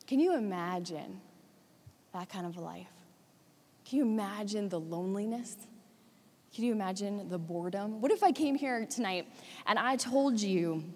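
A woman preaching a sermon, retelling a story with dramatic swings between hushed and urgent delivery. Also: mid-range voice. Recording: long hall reverb.

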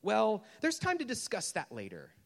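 A man's voice: high-pitched, huge pitch swings, normal speed, gravelly, a bit bright, long reverb tail, pitched above the performer's own voice, heavily acted. A man voicing a fretful male ghost who pleads and makes excuses during a story reading. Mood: pleading. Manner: flustered, pleading, making excuses.

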